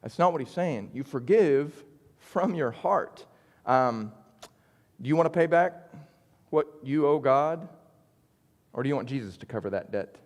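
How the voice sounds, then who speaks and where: A man's voice: medium pitch, lively intonation, a little slow, pauses often, in a large hall. A man teaching an adult Bible study in a conversational, earnest way, often checking in with "right?". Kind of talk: church Bible study lesson.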